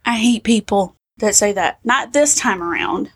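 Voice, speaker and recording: A young pregnant woman chatting casually and telling lively stories, acting out what people said. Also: mid-range voice, a little slow, husky. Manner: animated storyteller, acts out quotes. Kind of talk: casual chat.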